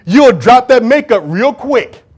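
A man preaching a sermon in church, emphatic and full of rhetorical questions, swinging from shouts to hushed asides. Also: extremely high pitch, very animated, measured pace, breathy edge.

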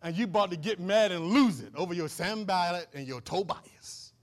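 A man's voice: high-pitched, moderate pace. A man pastor preaching a fervent sermon, repeating phrases and calling out to his congregation.

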